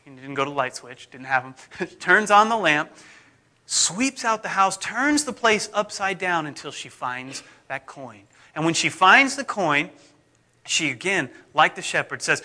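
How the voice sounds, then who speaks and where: A middle-aged man, a pastor, preaching in a conversational, self-deprecating way whose phrases often fade off softly. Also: a little high, lively intonation, measured pace. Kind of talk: sermon.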